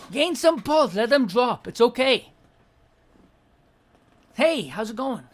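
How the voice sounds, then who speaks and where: A woman hosting an advice show, giving blunt, profane advice and acting out quick mock scenes along the way. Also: a little high, very animated. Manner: acts out little scenes in quick mock voices. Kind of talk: casual advice rant.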